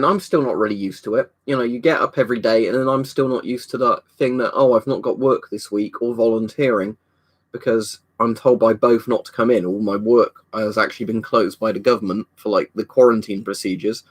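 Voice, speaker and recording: A man's voice: medium pitch, fairly quick, slightly rough. A man hosting a casual livestream, rambling easily as he reads out viewers' comments and answers them from a room at home. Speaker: livestream host. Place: indoor storage room at home.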